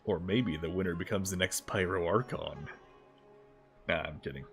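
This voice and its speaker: A man's voice: low voice, normal speed, creaky, fairly bright tone, soft background music. A man streaming a video game as a VTuber, commenting casually in a joking, offhand way with some swearing. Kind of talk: casual gameplay livestream commentary.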